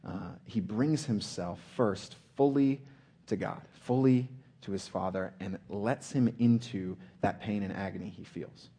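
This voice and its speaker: Male preacher, earnest sermon delivery; low, husky, mellow tone. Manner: earnest, slows and drops to a hush for emphasis.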